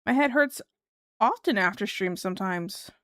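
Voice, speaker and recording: A woman's voice: mid-range voice, expressive, moderate pace, fairly bright tone, no room sound, studio quality. A young woman streamer chatting casually with viewers, giggly and rambling, full of "like" and restarts. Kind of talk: casual livestream chat.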